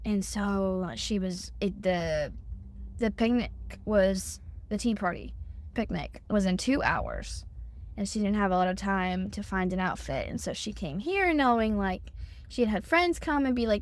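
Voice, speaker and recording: A woman's voice: medium pitch, normal speed. A seventeen-year-old woman with a Texan accent, telling a story in a casual chat, full of "like" fillers. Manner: chatty, many "like" fillers, acts out quotes. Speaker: guest, store employee.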